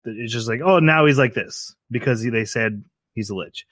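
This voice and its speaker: A man's voice: mid-range voice, a bit bright, no echo. Thoughtful man in a dry recording. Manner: critical, thoughtful, quick to laugh. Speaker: podcast co-host. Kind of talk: casual discussion.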